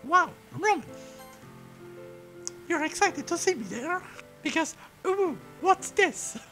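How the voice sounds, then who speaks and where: A woman's voice: very high-pitched, animated, takes it slowly, a bit bright, heavily acted. A woman voicing a playful young female club president in a visual novel, speaking in a mocking, teasing way. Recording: faint game music behind.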